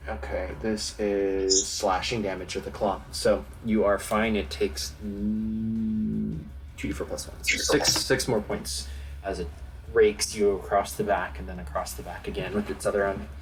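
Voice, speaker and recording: A man narrating as game master in a relaxed, easygoing way. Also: fairly low pitch, measured pace, over music, rough recording.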